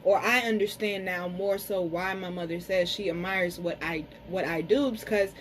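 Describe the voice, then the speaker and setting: A woman giving a casual card reading to camera, talking frankly to her viewers, cursing freely and slowing down to say some words carefully. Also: lowish voice, steady tone, slight background noise, poor audio. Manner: frank, chatty, curses freely, addresses viewers as y'all. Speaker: tarot and spiritual reader.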